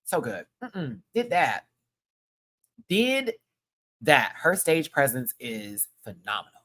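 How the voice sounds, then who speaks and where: Gushing, chatty man recapping a show. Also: slow. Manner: animated, gushing, breaks into high excited exclamations; slangy and chatty. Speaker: channel host. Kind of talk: casual recap commentary.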